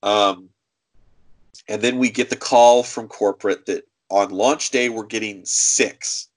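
A man telling retail stories on a casual podcast, animated and acting out customers' voices. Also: lowish voice, takes it slowly, poor audio. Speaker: podcast co-host. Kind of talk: casual storytelling.

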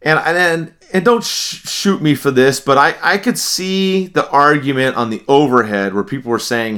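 A man co-hosting a sports podcast rants with emphatic, profane outbursts in heated sports talk. His voice is medium-pitched and sharp, and he speaks at a moderate pace with few pauses.

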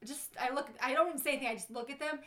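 Young bartender, woman, high bright voice, giggly animated storyteller, roomy echo on the track. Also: very fast. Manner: animated, laughs often while telling stories. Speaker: podcast guest. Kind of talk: casual storytelling chat.

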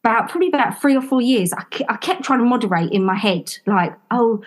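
A woman, telling her story as a podcast guest in a lively, expressive way and acting out what people said. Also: fast talker. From London. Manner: animated, acts out quotes with big pitch jumps. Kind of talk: casual interview storytelling.

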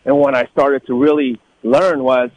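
A middle-aged man from Northern California in a casual storytelling talk, animated, acting out the people he quotes in a higher voice. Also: moderate pace, no room sound, low-quality recording. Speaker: guest telling life stories.

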